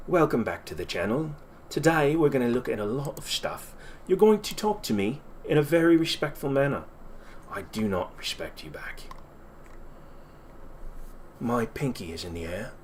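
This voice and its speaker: A man putting on a snooty posh English gentleman. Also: mid-range voice, sing-song, moderate pace, pauses often, slight background noise, lightly acted. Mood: haughty. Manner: haughty, looking down on the listener.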